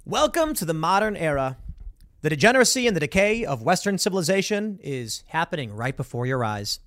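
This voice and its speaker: A male commentary host with a somewhat high voice that swings up and down all the time. He talks with mocking sarcasm in a dry, close recording. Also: very animated, fairly quick, fairly bright tone, no echo. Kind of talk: opinion commentary on a viral video.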